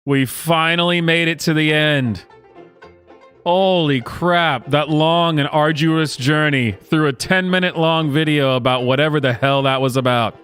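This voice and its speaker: A man's voice: fairly high pitch, fairly even intonation, unhurried, a bit bright, faint music behind. A man hosting a show where he reacts to videos, talking sarcastically and laughing often. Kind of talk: casual reaction commentary.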